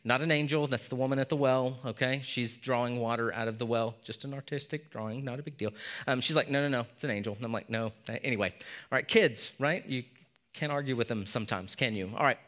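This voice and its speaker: A pastor in his thirties giving a casual sermon to a congregation, often checking in with "all right?" and "okay?", and dropping softer for serious points. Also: mid-range voice, fast.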